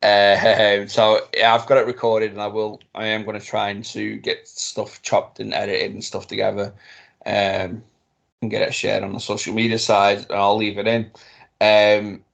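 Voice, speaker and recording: A man co-hosting a casual podcast, telling a rambling, excitable story with some swearing. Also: lowish voice, normal speed, vocal fry, muffled recording. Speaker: podcast co-host. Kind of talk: casual chat.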